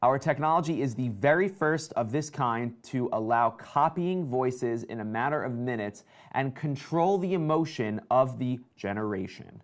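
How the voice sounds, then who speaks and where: Male tech-stream host, chatty and excitable, mid-pitch. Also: moderate pace. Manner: excited, chatty, reads out viewer comments. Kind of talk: casual live-stream tech chat.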